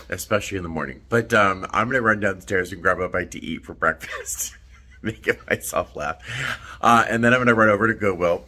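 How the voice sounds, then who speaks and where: A man's voice: lowish voice, moderate pace, sharp tone. A man in a casual vlog, chatting to the camera in a rambling, self-deprecating way from a hotel room. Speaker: flight attendant vlogger.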